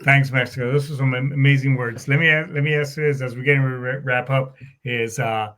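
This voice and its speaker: A man's voice: medium pitch, fairly even intonation, fast talker, fairly bright tone. A man who hosts the interview and is a Marine veteran himself, talking in a loose, friendly way with casual slang. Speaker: podcast host, Marine veteran.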